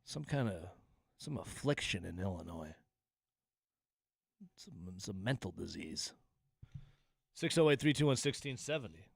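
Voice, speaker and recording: A man's voice: fairly low pitch, big pitch swings, creaky, slightly rough, no echo, clean studio sound. A man hosting call-in sports radio, mocking and sarcastic, stretching out his jokes. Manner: mocking, sarcastic, drawn-out asides. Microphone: studio microphone.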